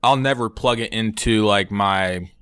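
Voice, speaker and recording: Low, dry-voiced man rambling. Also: measured pace, fairly bright tone, smooth, no room sound. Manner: rambling, swears freely. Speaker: podcast co-host. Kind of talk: casual chat.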